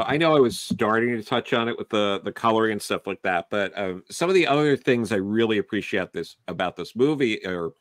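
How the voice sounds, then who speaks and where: A man's voice: on the low side, a bit bright, no room sound. A man on a film review panel, talking casually and rambling with many restarts and fillers.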